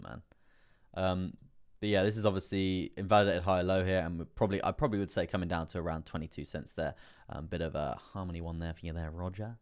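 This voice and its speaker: Low-voiced man streaming market commentary. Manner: chatty, rambling with fillers, breaks into laughs, excitable at price moves. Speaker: crypto trading live streamer.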